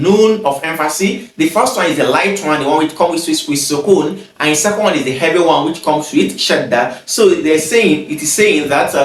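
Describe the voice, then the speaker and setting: A man teaching grammar, reading example sentences, translating them and explaining step by step with frequent pauses. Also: a little high, fairly bright tone, recorded from a distance. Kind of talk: explaining exercises in a grammar lesson. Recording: echoey room, mic set back.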